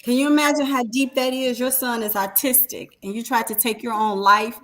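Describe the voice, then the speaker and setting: High-voiced woman giving emphatic testimony. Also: fairly even intonation, a little fast, a bit bright. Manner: emphatic, repeats phrases for weight. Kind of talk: faith-filled testimony talk.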